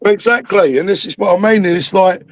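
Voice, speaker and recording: A man's voice: sits high, brisk, no echo, low-quality recording. A man hosting a livestream, ranting angrily with heavy swearing about politics. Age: 60s. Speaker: livestream host. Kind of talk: heated political chat.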